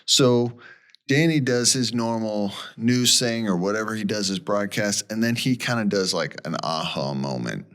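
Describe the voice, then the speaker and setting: A man's voice: on the low side, normal speed, a bit bright. A man co-hosting a podcast, telling a story in a casual, rambling way and acting out the people he quotes. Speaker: podcast co-host.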